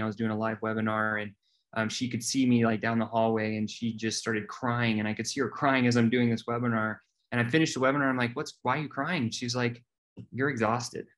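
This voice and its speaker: A man's voice: fairly low pitch, a bit bright. A man talking as a podcast guest, telling his story candidly and earnestly, often restarting and repeating words.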